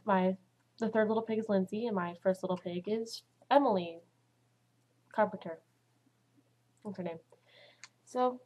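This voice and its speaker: A woman's voice: medium pitch, darkish tone, highs cut off, slight background noise. Chatty teenage girl vlogging at home. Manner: chatty, dramatic, acts out quotes. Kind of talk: casual chat to camera.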